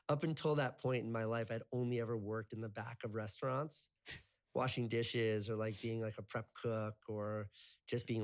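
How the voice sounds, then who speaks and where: A man in his thirties telling his life story as an interview guest, rambling with lots of filler words and casual swearing. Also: fairly low pitch. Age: 30s.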